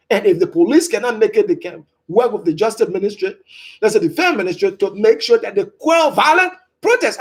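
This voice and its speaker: A political commentator and writer from Liberia, delivering emphatic opinion commentary with sharp upward stresses. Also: high voice.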